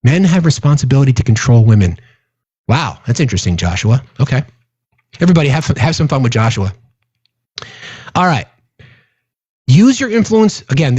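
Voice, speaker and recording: A man's voice: medium pitch, darkish tone, slightly rough, dry recording. A middle-aged man hosting a livestream, talking earnestly and passionately to his chat, often swearing for emphasis. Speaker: livestream host. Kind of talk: casual livestream talk to chat.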